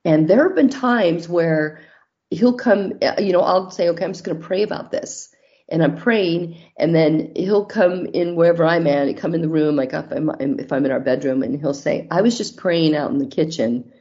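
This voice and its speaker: Mellow-voiced married woman telling stories. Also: on the low side, normal speed, highs cut off. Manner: candid, storytelling, faith-based. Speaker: guest. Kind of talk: casual interview talk.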